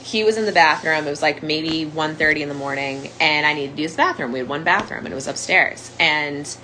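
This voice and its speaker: A woman's voice: sits low, a little fast, bright, forceful tone, slight background noise, rough recording. A young woman candidly telling her own story as a survivor, in a conversational monologue full of "like" fillers. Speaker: domestic violence survivor sharing her story.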